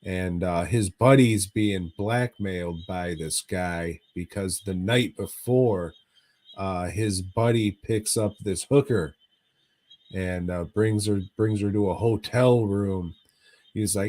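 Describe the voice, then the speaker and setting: A man's voice: sits low, takes it slowly, a little mellow. A man co-hosting a podcast, recapping a movie in casual chat as a profane, rambling storyteller. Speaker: podcast co-host.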